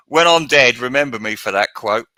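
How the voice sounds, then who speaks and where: A man's voice: medium pitch, sharp tone, dry recording. A man hosting his channel, ranting in a crude, profane, rambling and mocking monologue. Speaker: channel host.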